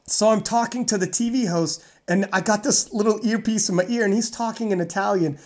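A woman strongman athlete from North America, telling a story in a casual interview, animated and rambling with fillers. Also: medium pitch, brisk.

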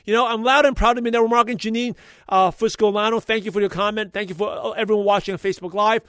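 A man hosting a podcast, recapping an episode in an energetic, motivational way and talking fast when passionate. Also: high voice, no echo, clean studio sound. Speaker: podcast host.

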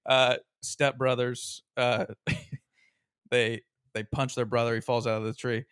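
A man's voice: medium pitch, little pitch movement, takes it slowly, fairly bright tone, smooth, no room sound, clean studio sound. A man co-hosting a sports podcast in casual chat, retelling funny movie scenes and laughing as he goes. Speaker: podcast co-host.

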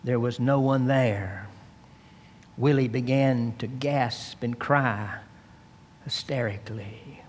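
A man's voice: medium pitch, takes it slowly, slight background noise. A man preaching a sermon, retelling a story with dramatic, emphatic delivery. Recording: long hall reverb.

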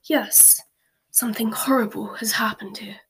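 A woman voicing a calm, very old male wizard who speaks quietly and politely, in a whispered storybook reading. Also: on the high side, unhurried, slight background noise. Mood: grave. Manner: quiet and composed.

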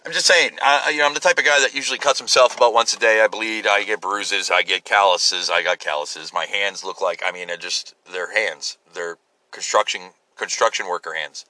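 A man's voice: lowish voice, brisk, pushed and bright, no echo. A middle-aged American man hosting his own podcast, talking bluntly and self-deprecatingly with many fillers and restarts, recorded on a phone in a parked car. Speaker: podcast host. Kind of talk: casual rambling monologue.

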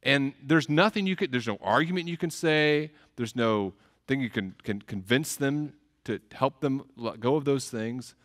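Pastor guy preaching, earnest, keeps restarting his phrases, mid-pitched voice. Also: lively intonation, normal speed, fairly bright tone. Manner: earnest, repeats words at starts of phrases. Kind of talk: sermon.

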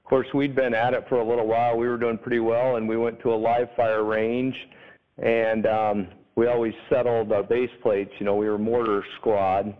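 A man's voice: mid-range voice, little pitch movement, moderate pace, smooth. Army veteran man on a tinny line. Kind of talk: recalled anecdote. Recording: phone-like narrow sound.

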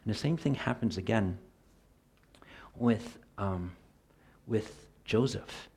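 A middle-aged man preaching a sermon in an earnest voice, swinging from loud emphasis to soft near-whispered asides. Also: fairly low pitch, takes it slowly, husky.

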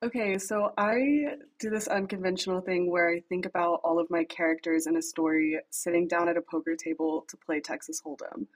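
A woman's voice: on the low side, steady tone, a little fast, few pauses, low-quality recording. A young woman guest on a podcast, chatting casually and animatedly about her writing, laughing often and acting out lines. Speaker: podcast guest, fanfic writer.

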